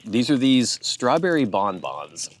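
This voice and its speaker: A man with a Pacific Northwest American accent chatting casually to camera, thinking aloud in a flat, low-affect way. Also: measured pace. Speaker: vlogger.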